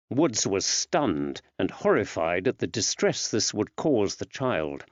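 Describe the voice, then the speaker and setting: A male audiobook narrator reading in a measured, expressive way at a middle pitch, his tone moving up and down a lot. The recording is dry and close, with a slightly dull sound. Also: no room sound. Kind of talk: scripted narration.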